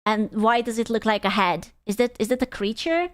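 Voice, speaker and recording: A young woman streaming and reacting to videos in casual chat, blunt and quick to swear. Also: fairly high pitch, smooth, no echo. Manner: blunt, swears freely, laughs often.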